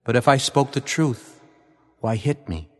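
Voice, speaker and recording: A man voicing Jesus as a calm grown man answering his questioners in a steady, measured way. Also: mid-range voice, big-room sound, close to an everyday voice. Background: faint guitar music.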